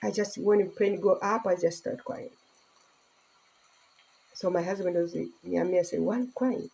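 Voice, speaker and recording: Middle-aged woman from Tanzania, earnest casual vlog to phone, mellow husky tone. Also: on the low side, level tone, moderate pace, rough recording. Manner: earnest, speaking broken English with laughter. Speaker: vlogger.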